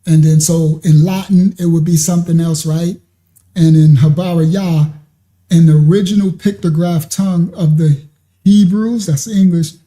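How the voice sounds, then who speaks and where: A man with a fairly high, mellow voice gives a rambling religious teaching over a live stream. He keeps stopping to ask his listeners, "you understand?"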